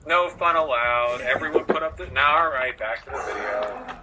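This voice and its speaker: A man's voice: medium pitch, animated, moderate pace, background noise. A man giving casual reaction commentary on a video, sarcastic and profane, rambling with lots of fillers. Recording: music playing underneath.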